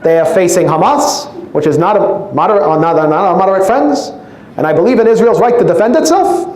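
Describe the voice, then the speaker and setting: A man's voice: high-pitched, lively intonation, a little fast, a little mellow, voice pushed up. A man doing a hectoring old politician. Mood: indignant. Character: indignant shouting older male politician. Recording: echoey room with faint noise.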